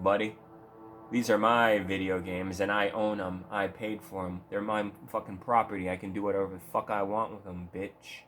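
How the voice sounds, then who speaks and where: This gaming vlogger has a lowish, fairly bright voice with a steady tone and normal pace, and faint music plays behind him. He rants casually about video games, swearing, rambling and mocking his subject.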